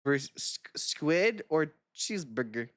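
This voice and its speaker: A vtuber streamer chatting casually on a live stream, rambling and swearing, with quick reactions and frequent laughter. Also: medium pitch, sing-song, dry recording, studio quality. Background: background music.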